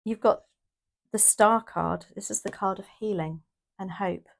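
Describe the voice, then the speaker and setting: A woman's voice: mid-range voice, fairly even intonation, measured pace, vocal fry. A woman from the UK doing a casual, emotional tarot reading, rambling with restarts and exclamations. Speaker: tarot reader.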